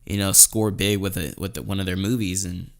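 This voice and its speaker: Young dude hosting a gaming podcast, kinda low voice, stumbles and repeats himself a lot. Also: male voice, level tone, brisk. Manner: hesitant, repeats words, lots of fillers. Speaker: podcast host. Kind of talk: casual chat.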